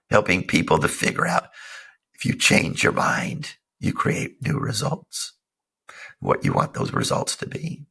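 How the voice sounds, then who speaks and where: Hoarse, gravelly-voiced man, lively delivery. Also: lowish voice. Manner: meandering, earnest, self-help tone. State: hoarse from a cold. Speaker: podcast host. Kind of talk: casual solo podcast talk.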